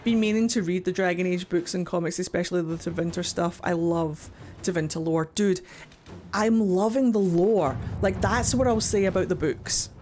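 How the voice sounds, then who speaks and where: Excitable ranting woman streamer. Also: fairly low pitch, slight background noise. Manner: excitable, ranting, swears freely. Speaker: game streamer. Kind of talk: live gameplay commentary.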